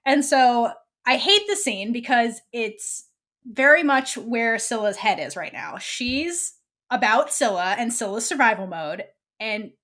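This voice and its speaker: Animated woman recapping a TV episode. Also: a little high. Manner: animated, acts out characters' lines while recapping. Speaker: podcast co-host.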